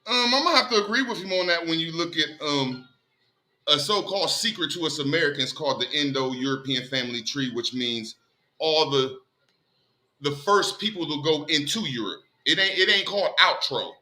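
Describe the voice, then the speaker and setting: Man on a group call, high voice, very bright, loud, emphatic, repeats himself, swears. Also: lively intonation, moderate pace, poor audio. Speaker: call participant, self-described language guru. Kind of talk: casual online group call discussion. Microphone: computer headset or call mic.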